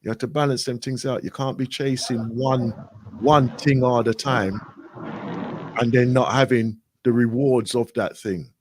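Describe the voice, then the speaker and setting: Over a slight hiss or hum, a mid-range male radio guest narrates at a measured pace with fairly even intonation. He plays both parts of a conversation, and "right?" and "I goes" come up again and again in his repetitive telling.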